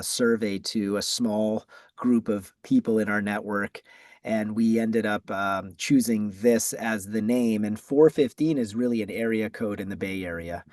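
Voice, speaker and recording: A middle-aged man from Massachusetts with a Boston accent, answering interview questions in a measured way with frequent ums and restarts. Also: fairly low pitch, fairly even intonation, darkish tone, no room sound. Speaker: guest, ad agency founder.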